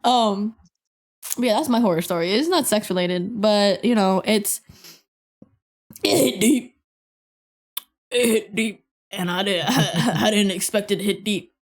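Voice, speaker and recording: A woman's voice: mid-range voice, moderate pace. A woman in her twenties hosting a podcast, chatting casually with profane, slangy banter and frequent laughter. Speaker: podcast host. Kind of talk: casual chat.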